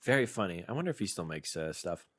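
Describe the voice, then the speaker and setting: Male podcast co-host, bright and animated, teasing and quick to laugh. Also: low-pitched. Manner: playful, teasing, laughs often. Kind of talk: casual snack-tasting chat.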